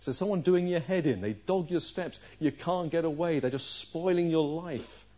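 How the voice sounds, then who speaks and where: A man preaching a sermon, pressing his listeners with rhetorical questions and moving between forceful, raised lines and quiet, low ones. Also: normal speed. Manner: earnest preaching with rhetorical questions, swinging from loud to hushed. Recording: dull lo-fi recording.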